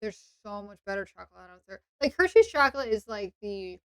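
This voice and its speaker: A woman's voice: medium pitch, very animated, fairly bright tone, clear, resonant tone, no echo, studio quality. A woman with an English accent, chatting sarcastically and playfully on a role-play stream. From England. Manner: sarcastic and playful, quick asides.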